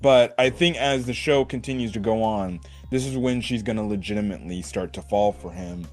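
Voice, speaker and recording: An anime reviewer delivers a casual video review in a fairly low, brisk voice. He's animated and laughs a lot, swearing freely and adding "right?" after making his points.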